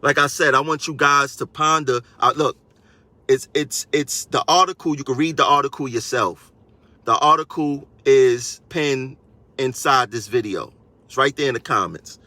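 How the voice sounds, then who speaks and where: A man's voice: medium pitch, normal speed, pushed and bright, no room sound. A man, a transit union member, ranting on a live stream to his viewers in a combative way and repeating phrases for emphasis.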